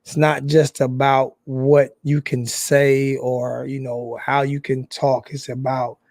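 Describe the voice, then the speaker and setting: A young man in an emotional, apologetic vlog monologue who talks haltingly, with many restarts and repeated phrases. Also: mid-range voice, level tone, darkish tone, no room sound. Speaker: sports fan YouTuber.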